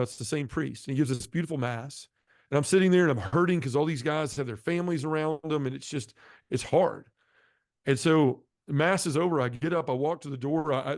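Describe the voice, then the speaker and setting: A man's voice: on the high side, a little mellow, no room sound, clean studio sound. A middle-aged man sharing his personal testimony as an interview guest, telling his story in an earnest, heartfelt way.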